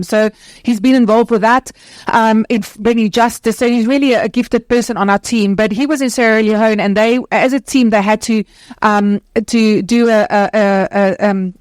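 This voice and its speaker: A woman speaking on a conference stage as the founder of an anti-trafficking charity. She talks passionately and earnestly, in quick bursts with many restarts. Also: mid-range voice, darkish tone, no room sound. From South Africa.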